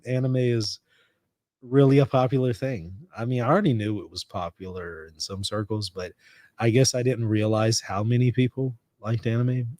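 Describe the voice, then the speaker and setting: A man's voice: medium pitch, a little mellow, no room sound, studio quality. A man from the United States hosting a casual livestream, reading out chat comments and riffing on them. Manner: conversational, reads chat comments aloud and riffs on them. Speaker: livestream host.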